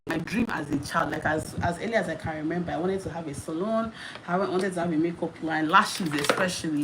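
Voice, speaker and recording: Nigerian woman, live-stream chat, talkative, repeats herself, slightly low voice, noisy background. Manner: chatty, laughs often, repeats herself. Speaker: YouTuber hosting a live Q&A.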